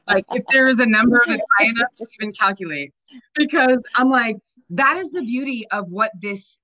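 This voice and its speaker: A woman's voice: medium pitch, bright, forceful tone, poor audio. A woman in casual chat on a video call, upbeat and emphatic, laughing often.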